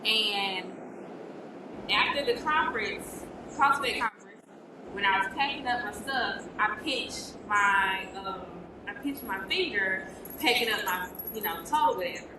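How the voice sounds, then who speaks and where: A woman's voice: medium pitch, unhurried, distant mic. A woman sharing a candid personal reflection in a chatty way, often saying "you know". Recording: echoey room, off-mic, noisy.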